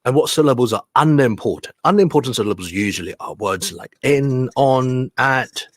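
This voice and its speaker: Children's storyteller, man, Hong Kong English accent, animated teacher delivery. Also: mid-range voice, normal speed, dry recording, clean studio sound. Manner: animated, code-switching, stressing words for children. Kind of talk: bedtime story reading and English tips for kids.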